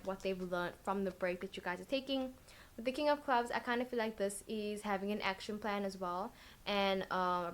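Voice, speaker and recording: Chatty woman giving a tarot reading. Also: mid-range voice. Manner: rambling, filler-heavy, thinking aloud. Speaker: tarot card reader. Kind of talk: casual tarot reading vlog.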